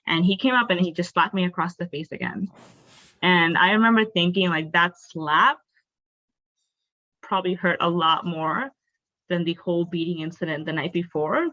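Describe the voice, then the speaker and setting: As a guest in a podcast conversation, a young woman raised in a Bengali family shares personal stories candidly and earnestly, leaning on fillers such as "like" and "you know." She speaks at normal speed with a fairly low pitch, fairly even intonation and a sharp tone, and the sound is lo-fi.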